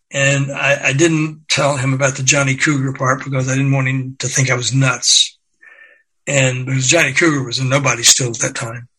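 An older man, a record executive, telling lively anecdotes as an interview guest, acting out the quotes and laughing along. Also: mid-range voice, rough recording. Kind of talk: anecdotal storytelling.

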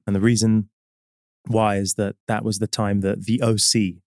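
A man with a British accent talks on a podcast, his voice sitting low and close to a dry microphone. He tells his stories in a measured, reflective way, pausing often and softening points with fillers. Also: little pitch movement, no room sound. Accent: British English. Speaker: guest, business executive. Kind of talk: casual interview chat.

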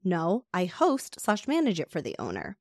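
A woman reading the lines of a calm, patient male rental host who explains things evenly. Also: fairly low pitch, normal speed, no echo, studio quality.

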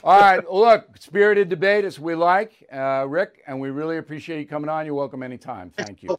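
A man's voice: on the high side, fairly quick, clean tone. A male talk host delivering blunt, combative opinion commentary with mocking asides.

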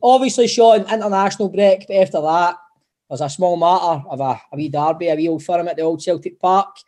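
Scottish man, high voice, mellow tone, chatty podcast co-host. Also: fairly quick. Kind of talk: casual podcast chat.

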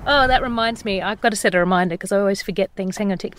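A woman's voice: mid-range voice, very fast, hardly any pauses, a bit bright. Wry woman co-hosting a podcast. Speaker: podcast co-host. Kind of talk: casual chat.

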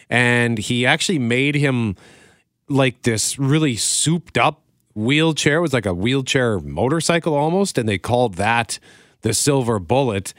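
A man's voice: medium pitch, a bit bright, dry recording, clean studio sound. A man in his forties hosting a casual show, chatty and laughing often as he tells stories. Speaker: radio show host reviewing movies. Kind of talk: casual chat.

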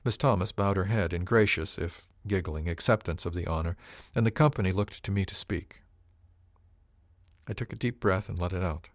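A man narrating a science-fiction audiobook in the first person, with measured, even storytelling. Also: low-pitched, no room sound, clean studio sound.

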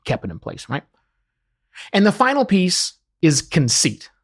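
A man in his fifties talks through podcasting advice in an emphatic, animated way. His voice sits a little high for a man and swings widely in pitch as he stresses his points. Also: measured pace, breathy edge. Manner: emphatic, animated explainer using client examples. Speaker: podcast consultant. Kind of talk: solo podcast teaching talk.

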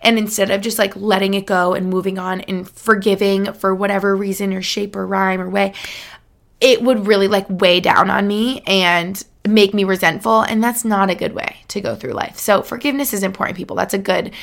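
A woman's voice: medium pitch, fairly even intonation, moderate pace, vocal fry. A woman in her late twenties hosting a solo podcast, talking casually and emotionally with frequent "like" and laughs. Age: late 20s. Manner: chatty, heavy use of "like", laughs often, emotional. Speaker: podcast host.

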